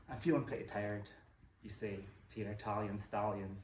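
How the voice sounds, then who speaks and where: A Scottish man giving a live poetry reading, with an animated, dramatic delivery. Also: lowish voice, normal speed, slight background noise. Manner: animated, dramatic delivery with big swings in loudness. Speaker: poet reading his work. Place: library event room. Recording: roomy hall sound from a distant mic, faint ambience.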